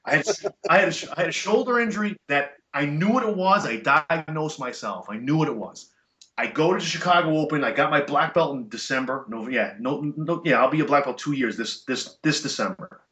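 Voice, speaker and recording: A middle-aged man, a podcast guest, telling stories in casual chat, animated and emphatic with blunt profanity. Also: fairly high pitch, fairly quick. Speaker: podcast guest, chiropractor and jiu-jitsu black belt. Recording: echoey room, dull lo-fi sound.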